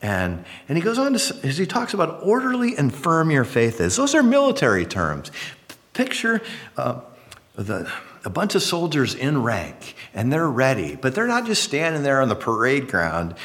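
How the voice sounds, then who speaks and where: A male pastor preaching a sermon in a folksy, animated way, acting out little voices as he explains. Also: medium pitch, normal speed.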